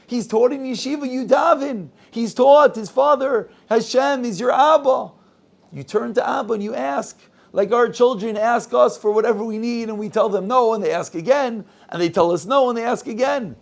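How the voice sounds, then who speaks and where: A man's voice: very high-pitched, moderate pace, creaky. A man giving a sermon as a rabbi, telling a story and quoting its people with rising intensity. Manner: animated storyteller, voices quotes with rising intensity.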